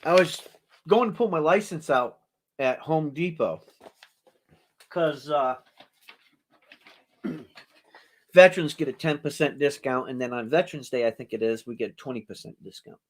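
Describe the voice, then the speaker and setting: Casting note: middle-aged male auction host, rambling storyteller, chuckles often, higher voice that swings widely. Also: animated, measured pace, pauses often. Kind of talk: casual storytelling to a live audience.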